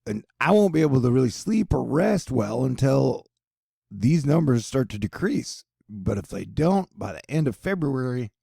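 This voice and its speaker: A man rambles through joking weather commentary in a gravelly, husky voice. His tone is dark and mellow, recorded close and dry with no room sound. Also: mid-range voice, big pitch swings, normal speed, dry recording. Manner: joking, rambling, many asides. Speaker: weather and news video host.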